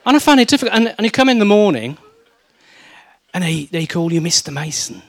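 A man's voice: high-pitched, brisk, slight background noise. A middle-aged man from South Wales with a Welsh accent, preaching a sermon and telling stories with humor and mimicry. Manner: lively storytelling with mimicry and humor.

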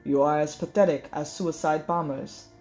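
A woman's voice: low-pitched, steady tone, normal speed, darkish tone, faint music behind, close to an everyday voice. A woman voicing a menacing male sorcerer villain in an audiobook, cold and contemptuous.

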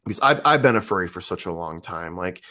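A man's voice: low-pitched, lively intonation, quick pace, sharp tone. A man in his thirties telling a casual story, rambling with lots of fillers and restarts. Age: 30s. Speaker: podcast guest.

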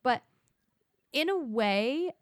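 A young woman leading a casual book discussion, reading out questions and reacting in a lively way. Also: high voice, extremely slow, no room sound, clean studio sound. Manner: lively, laughs often, reads out questions. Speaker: discussion co-host asking questions.

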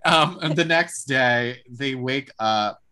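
Brief: chatty podcast co-host, mid-pitched, recaps TV drama, lots of "like". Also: slow, clear, resonant tone. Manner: animated storyteller, acts out quotes, many "like" fillers. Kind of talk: casual reality-TV recap chat.

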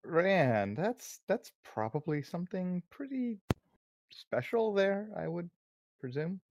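A man playing a tabletop game, describing his character's actions in a wry, deliberate way. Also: high-pitched, big pitch swings, background noise. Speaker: player. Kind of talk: casual tabletop role-play.

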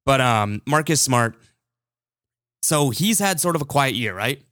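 A man hosts a sports podcast in a mid-range, slightly slow voice, talking casually and with strong opinions. He's animated and keeps restarting his sentences. The recording is dry and studio-clean.

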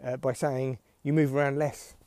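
A man's voice: mid-range voice, little pitch movement, moderate pace, a little mellow, dry recording. A man hosting a solo podcast, rambling through a dry, self-mocking comic monologue. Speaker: podcast host.

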